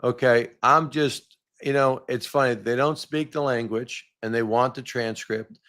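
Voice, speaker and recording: A man's voice: medium pitch, fairly even intonation, a little slow, fairly bright tone. A man talking as a podcast guest in a casual, emphatic way, often repeating his points. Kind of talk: casual chat.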